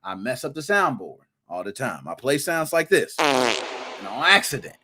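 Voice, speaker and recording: Lively hype podcast host, a man. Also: medium pitch, moderate pace, a little hiss or hum. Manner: hype, playful, rhymes and slang, big shout-outs. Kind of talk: live-streamed gaming podcast intro, shouting out chat.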